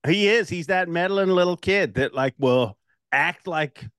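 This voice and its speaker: A man's voice: sits high, measured pace, fairly bright tone, clean tone. A man from Ireland hosting a podcast, telling stories casually with lots of laughter. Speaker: podcast host. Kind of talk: casual interview chat.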